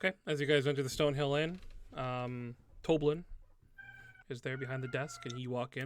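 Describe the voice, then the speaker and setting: A male game master narrates a tabletop game in a loose, casual way, with plenty of filler words. His voice is middle-pitched and recorded close into the mic in a dry room. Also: steady tone, brisk, clean tone, no echo.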